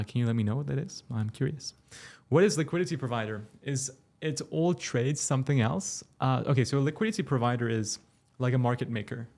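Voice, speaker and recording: A young man from Turkey hosting a casual crypto livestream, reading chat questions aloud and answering them in a relaxed, chatty way. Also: mid-range voice. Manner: relaxed, chatty, explains step by step.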